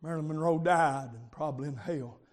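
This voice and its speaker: A man preaching a revival sermon, moving from quiet storytelling to loud shouting. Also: fairly high pitch, brisk. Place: camp meeting with congregation. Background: congregation calling amens.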